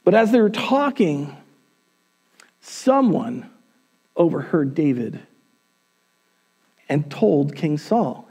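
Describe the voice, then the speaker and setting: Male pastor, conversational church sermon, high and highly animated. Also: slow, long pauses, husky. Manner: casual, conversational, humorous asides. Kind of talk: sermon storytelling.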